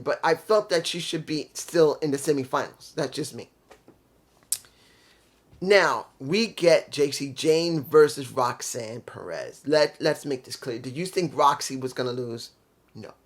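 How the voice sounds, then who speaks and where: A man talks through a wrestling review in a casual, blunt way. His voice sits a little higher than most men's, and he hammers each point home and repeats it for emphasis. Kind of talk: casual opinionated review monologue.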